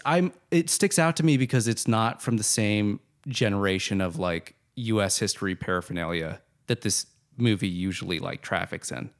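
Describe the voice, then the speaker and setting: Analytical man doing film commentary. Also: fairly low pitch. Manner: analytical, academic, animated. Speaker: podcast co-host.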